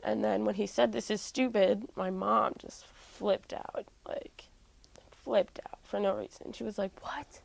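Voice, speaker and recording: Young woman with a gravelly creaky voice. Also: medium pitch, flat delivery, measured pace, low-quality recording. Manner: heavy use of "like" fillers, candid. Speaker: interviewee, musician. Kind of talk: emotional personal storytelling.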